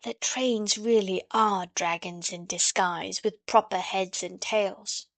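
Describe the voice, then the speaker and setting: A woman voicing a lively little girl, the youngest sister, with an eager, lifted voice. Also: mid-range voice, slow pace, dry recording. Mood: hushed.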